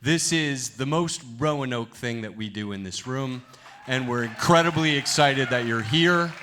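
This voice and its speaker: A man giving a lively, joking live welcome speech from a theater stage as its executive director, talking through a stage microphone. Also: mid-range voice, unhurried, a little hiss or hum. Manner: energetic, joking with the crowd.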